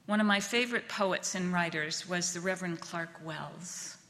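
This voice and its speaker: A woman minister giving a reflective sermon, speaking gently and letting words trail off softly. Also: lowish voice, moderate pace. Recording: long reverb of a large hall.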